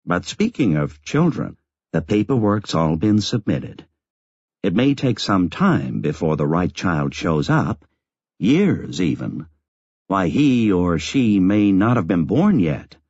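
A man voicing a wry older nun who teases quietly in an audiobook. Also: sits low, very animated, takes it slowly, slightly rough, dry recording, dull audio, full character voice.

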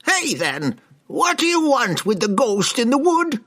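A man's voice: huge pitch swings, unhurried, a bit bright, exaggerated voice. A man voicing a wrinkled, bent old woman who snaps angrily in rustic broken speech. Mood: snapping angrily. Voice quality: shrill, cracking falsetto.

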